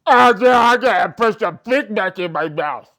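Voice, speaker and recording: Brief: high-voiced self-pitying fast-food glutton, put on mockingly by a man. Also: expressive, vocal fry, sharp tone, full character voice. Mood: whiny.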